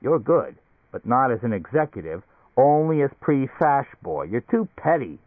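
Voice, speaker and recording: A man's voice: mid-range voice, big pitch swings, normal speed, no room sound. A man voicing a pushy, blustering middle-aged male company boss in an audiobook, talking insistently and hectoring. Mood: lecturing. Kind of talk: audiobook character voice. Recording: tinny narrow-band recording, dry.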